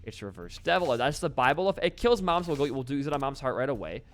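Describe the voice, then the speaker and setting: A young man casually commentating his own gameplay, excitable and swearing freely as he talks at the game. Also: mid-range voice, fast talker. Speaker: gaming channel host.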